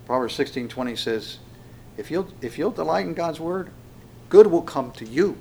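A male pastor preaching in a relaxed, folksy way with frequent fillers and restarts. He slows down and raises his voice when reading scripture verses aloud. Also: a little high, vocal fry, husky. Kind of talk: conversational sermon with scripture reading.

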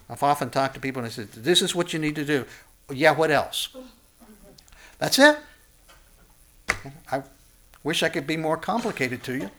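A pastor delivering a sermon and reading scripture, impassioned, his voice climbing high and loud on warnings and then dropping low and soft.

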